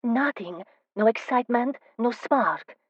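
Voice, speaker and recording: A spirited young lady, teasing and impudent, speaks in a lively, emphatic voice pitched a little above the storyteller's own, as a woman narrator puts her on. The audiobook sound is dry and slightly dull. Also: measured pace, no room sound. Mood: earnest. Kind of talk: audiobook character voice.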